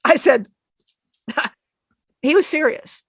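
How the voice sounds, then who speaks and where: A woman's voice: sits high, lively intonation, drawn-out words, no echo. A woman channeling a spirit, telling an emotional personal story in a rambling way, often acting out what others said and laughing.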